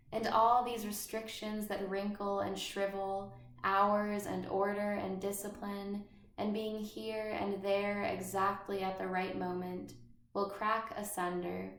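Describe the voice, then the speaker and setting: Woman reading homesick schoolgirl, slow, even, flat pitch, echoey room. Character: homesick schoolgirl longing for the countryside. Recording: roomy echo.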